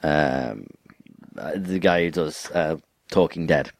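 A man co-hosting a podcast in casual chat, dropping dry, wry asides and quick interjections. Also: a bass voice, lively intonation, vocal fry, no room sound. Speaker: podcast co-host.

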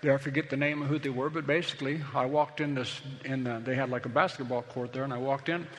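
A man's voice: medium pitch, fairly even intonation, fast, fairly bright tone, in a large hall, a little hiss or hum. A middle-aged man, a pastor, preaching a sermon in a conversational, storytelling way that builds to emphatic points.

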